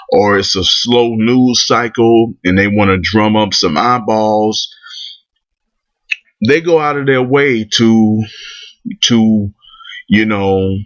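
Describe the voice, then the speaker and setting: A man's voice: lowish voice, fairly bright tone. A man ranting in commentary, blunt and profane, restarting his sentences often. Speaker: vlogger. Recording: dull lo-fi recording.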